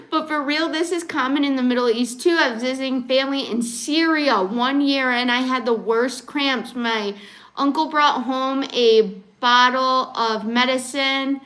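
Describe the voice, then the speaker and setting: A woman hosting a casual live stream from her rural home, chatting quickly and laughing often as she reads viewers' comments. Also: sits high, fairly bright tone. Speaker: livestream host. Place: home in rural western Mexico.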